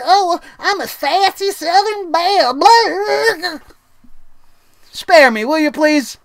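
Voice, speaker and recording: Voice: high voice, a bit bright, no room sound. A wrestling show host giving a heated, sarcastic and profane review of a weekly wrestling episode.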